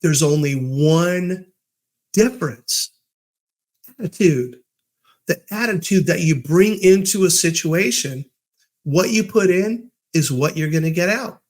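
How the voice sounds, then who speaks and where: A man's voice: on the high side, measured pace. A man hosting his own podcast, giving a casual, upbeat motivational talk and telling stories with fillers and restarts. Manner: upbeat, storytelling with acted quotes. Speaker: podcast host.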